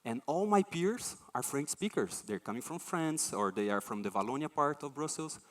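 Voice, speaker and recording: Man giving a lively talk. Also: fairly high pitch, normal speed. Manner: animated storytelling, acts out quoted voices. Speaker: conference speaker. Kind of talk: conference talk.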